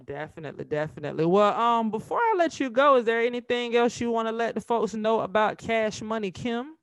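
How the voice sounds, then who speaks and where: A woman's voice: a little high, lively intonation, a little fast, smooth, no echo. A woman hosting a casual interview, speaking in an encouraging, slangy way and laughing along with her guest. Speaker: interview host.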